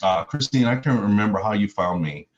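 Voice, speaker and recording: Deep-voiced man telling his life story. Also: expressive, brisk, dull audio. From Mississippi, US. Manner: earnest, repetitive lists with emphatic rises. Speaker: motivational speaker. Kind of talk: personal testimony talk.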